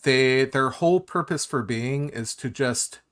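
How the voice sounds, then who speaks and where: A man hosting a casual online talk stream, his pitch sitting in an ordinary middle range. He talks loosely and conversationally, bringing up new subjects for the group. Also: a little slow, fairly bright tone. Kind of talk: casual panel chat.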